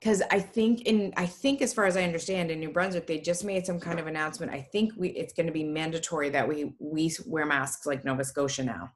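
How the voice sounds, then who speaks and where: A young woman with a low voice tutors a reading class online over a video call, speaking a little fast with few pauses. She keeps it upbeat, chatty and encouraging in this casual class.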